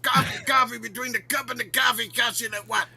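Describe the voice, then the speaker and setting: A man playing a crude, foul-mouthed loudmouth who shouts boastful rants in a dry, gravelly voice for a comedy podcast bit. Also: very high voice, steady tone, a little fast, soft background music, heavily acted. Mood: ranting. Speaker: regular show character answering questions.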